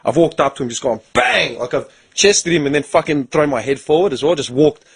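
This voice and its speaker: Blunt, profane young man, husky. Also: fairly high pitch, animated, fairly quick. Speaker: podcast host. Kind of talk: casual chat.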